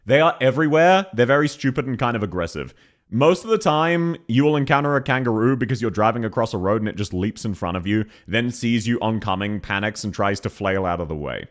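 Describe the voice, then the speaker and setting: Laughing Australian man with a lively voice. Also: on the low side, a little fast. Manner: blunt, laughs often, swears freely. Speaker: streamer reviewing voice acting. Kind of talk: casual reaction commentary.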